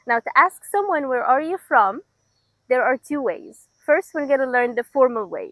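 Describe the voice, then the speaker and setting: A woman's voice: on the high side, dry recording, poor audio. Upbeat woman teaching a language lesson outdoors. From Egypt. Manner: slow, clear, encouraging drill delivery. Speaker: Arabic teacher. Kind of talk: language lesson with repetition drills.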